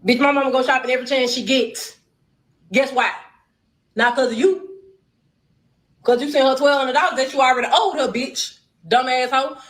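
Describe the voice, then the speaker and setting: A woman's voice: high-pitched, fairly even intonation, normal speed, pauses often, roomy sound, poor audio. A woman talking bluntly on a casual livestream, heated and cursing. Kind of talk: casual livestream and phone talk.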